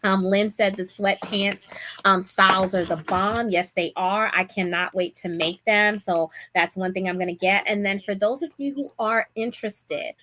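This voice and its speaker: A woman's voice: mid-range voice, steady tone, normal speed, bright, forceful tone, slight background noise. A woman with a Bronx accent hosting a casual live stream over a video call, chatty and upbeat with lots of ums. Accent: Bronx New York. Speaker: livestream host.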